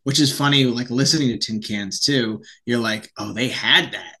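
Bright-voiced man chatting casually. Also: medium pitch, normal speed. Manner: rambling, restarts often. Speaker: podcast co-host. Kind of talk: casual chat.

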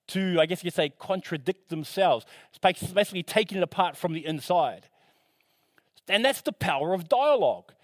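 High-voiced animated male preacher. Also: no room sound. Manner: animated, shifting pitch and loudness for emphasis; conversational, self-correcting with asides. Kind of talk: sermon.

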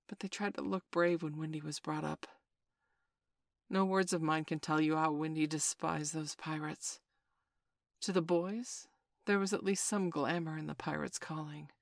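A woman reading a children's classic aloud in a measured, expressive storytelling manner. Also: low voice, no echo, clean studio sound. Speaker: narrator. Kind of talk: audiobook narration.

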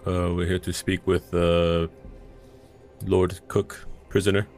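A man playing a tabletop game, speaking haltingly. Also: deep voice, little pitch movement, a little mellow, faint music behind. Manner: halting, hesitant. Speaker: player.

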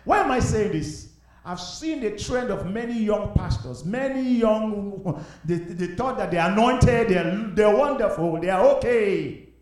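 A young adult male pastor preaching a sermon, swinging between shouted exhortation and quiet confiding. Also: high-pitched. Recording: echoey hall, voice from far off.

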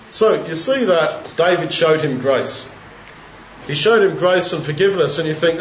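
A man delivers a sermon as relaxed storytelling, putting old scripture into plain everyday talk. His voice sits a little high for a man. The recording is roomy and muffled, with a faint hiss underneath. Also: moderate pace. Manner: conversational storytelling, retelling scripture in plain modern speech. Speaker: preacher.

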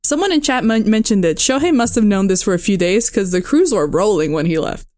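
A woman's voice: mid-range voice, lively intonation, a little fast, a little mellow. A woman co-hosting a casual chat, who laughs a lot and swears freely. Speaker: podcast co-host.

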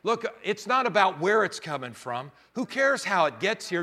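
A man preaching a sermon as pastor, switching between loud, rising preaching and quieter teaching, and laughing often. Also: high voice, sing-song, moderate pace.

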